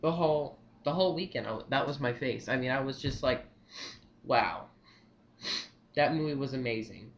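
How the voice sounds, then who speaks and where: A young man giving his movie opinions in a casual vlog, rambling and excitable, repeating himself often. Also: mid-range voice, fast, hardly any pauses, lo-fi sound. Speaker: vlogger.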